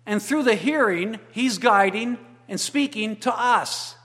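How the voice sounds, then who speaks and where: A man preaching a sermon as pastor, swinging between loud emphatic declarations and quiet, intimate asides. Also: high voice, a little slow. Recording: long hall reverb.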